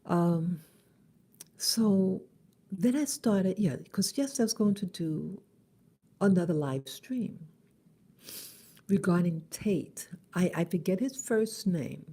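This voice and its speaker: A middle-aged woman talking in a halting, casual vlog monologue in her early-morning voice, with many restarts. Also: mid-range voice, expressive, warm tone, slightly rough. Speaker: vlogger.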